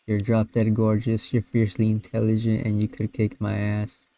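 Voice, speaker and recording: A man reading out a chat log as an earnest young suitor confessing his feelings, in a plain, unhurried voice. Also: fairly low pitch, completely flat delivery, noisy background. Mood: tender.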